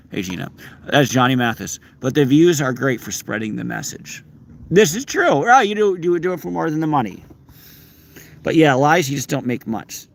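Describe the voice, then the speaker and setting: Male streamer, casual and playful, lively delivery, talking to chat from a park, a little background noise. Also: mid-range voice, normal speed, vocal fry. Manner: playful, sings snatches of songs, reads viewer names aloud. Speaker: livestream host. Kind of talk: casual livestream chat reading comments. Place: outdoors in a park.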